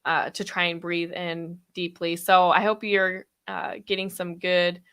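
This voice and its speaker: A woman in her thirties hosting a podcast live stream, talking fast and chatty with frequent laughs, her throat a little sore after being ill. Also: on the low side, flat delivery, a bit bright, clean tone. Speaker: podcast host. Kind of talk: casual live stream chat.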